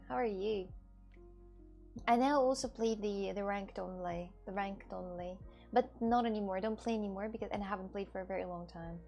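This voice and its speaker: A woman's voice: medium pitch, darkish tone. A young woman livestreaming, chatting casually with her viewers and often repeating herself. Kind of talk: casual chat with live viewers.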